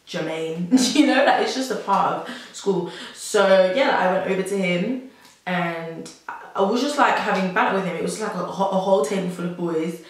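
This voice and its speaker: A woman's voice: medium pitch, moderate pace. A young woman tells a personal story to camera in a chatty, rambling way, full of "like" and nervous laughs. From South London. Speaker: vlogger. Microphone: camera mic. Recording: very echoey room.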